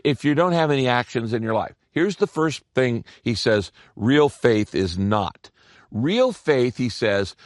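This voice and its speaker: Lively-voiced male pastor preaching. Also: dry recording, clean studio sound. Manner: expressive preaching with wide pitch swings and bursts of speed. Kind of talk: sermon.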